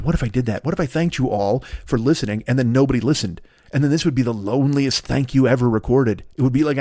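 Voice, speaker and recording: A man in his fifties hosts a rambling comedy monologue at a rapid clip, full of swearing. His voice jumps high for jokes and drops low for asides. The sound is close and dry, with no room in it. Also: darkish tone, no room sound. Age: 50s. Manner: profane, riffing, jumps between wild pitch swings for bits. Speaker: podcast host.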